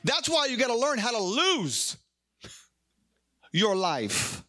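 Bright-voiced, high-pitched male preacher. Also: slow pace. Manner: animated, acts out little dialogues. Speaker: pastor. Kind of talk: sermon.

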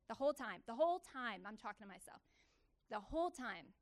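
A woman preaching a testimony sermon to a church gathering, telling her story with animated, emphatic repetition. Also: fairly high pitch, brisk. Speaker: church speaker.

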